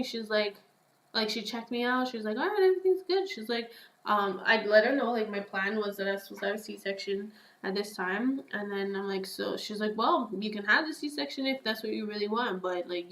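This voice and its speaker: A woman telling a personal story as a podcast guest in a chatty, animated way, acting out her own past lines. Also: mid-range voice, brisk, roomy sound, rough recording. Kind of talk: casual storytelling.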